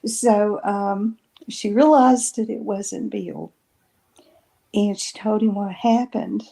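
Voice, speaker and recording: A woman guest on a podcast shares her paranormal experiences, speaking slowly in a mid-range, creaky, mellow voice. She tells the personal story casually, replaying each conversation line by line with plenty of "I said" and "she says."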